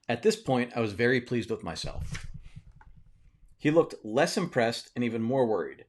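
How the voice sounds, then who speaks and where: A man hosting a live session, reading a book passage aloud in a steady storytelling way, now and then breaking off for offhand asides. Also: mid-range voice, moderate pace, long pauses.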